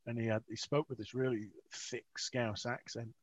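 In a casual interview, a man who is an author and guest tells rambling, self-mocking stories and laughs often. His voice is medium pitch, level in tone and at normal speed, on dry, dull lo-fi audio.

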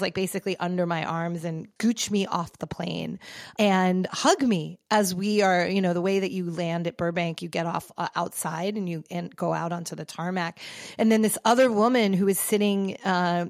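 A woman's voice: lowish voice, fairly even intonation, moderate pace, no echo, studio quality. A woman hosting a podcast, telling a personal story in a casual, emotional and rambling way, full of fillers and restarts. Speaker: podcast host.

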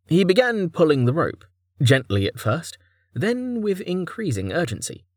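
A man narrating a fantasy audiobook chapter with expressive storytelling. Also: fairly high pitch, unhurried, no room sound, clean studio sound. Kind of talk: scripted narration.

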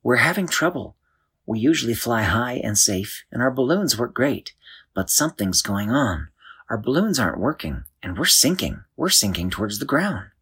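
A man voicing a polite, small male mayor with a balloon for a head, courteous and fretful, in a breathy voice. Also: mid-range voice, big pitch swings, moderate pace, fairly bright tone, full character voice. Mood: worried.

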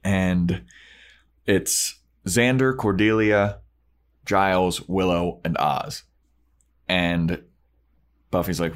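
A young man co-hosting a podcast, recapping scenes in a casual, animated way and acting out every character. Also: deep voice, slow pace. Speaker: podcast co-host.

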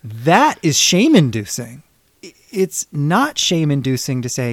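A man's voice: fairly high pitch, wildly swooping pitch, a little slow, no room sound. A man co-hosting a podcast who talks firmly and emphatically, with carefully chosen words. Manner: firm, emphatic, precise phrasing. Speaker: podcast co-host. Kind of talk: reflective conversational discussion.

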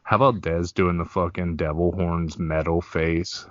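A man's voice: low-pitched, flat delivery, measured pace, fairly bright tone, no room sound. A man co-hosting a crude comedy podcast, joking and laughing often. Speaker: podcast co-host. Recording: dull lo-fi podcast audio.

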